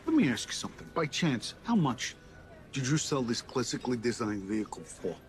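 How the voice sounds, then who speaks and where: A man's voice: mid-range voice, big pitch swings, fairly quick, close to an everyday voice. A man playing a brash, swaggering debt collector. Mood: indignant. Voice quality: swaggering, theatrical, swearing. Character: brash male debt collector, pushy and theatrical. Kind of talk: film drama dialogue.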